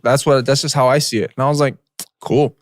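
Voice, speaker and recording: A man's voice: mid-range voice, flat delivery, brisk, no echo, clean studio sound. A young man co-hosting a podcast, telling a story in casual slangy chat with lots of filler words and "bro". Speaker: podcast co-host.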